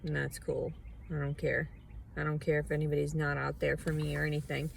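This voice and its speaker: A woman recording a confessional video diary, venting raw distress with repeated phrases and swinging between low murmurs, whispers and sharp outbursts. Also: little pitch movement, a little fast, vocal fry, slight background noise, rough recording. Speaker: vlogger.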